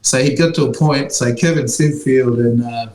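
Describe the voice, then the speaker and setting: A man's voice: mid-range voice, moderate pace, a crowd in the background. A man in his thirties, a former pro player, telling stories in a casual chat with lots of fillers and laughter. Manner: laid-back, laughs through stories, many fillers. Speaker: podcast co-host, former pro rugby player. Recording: echoey room with faint background noise.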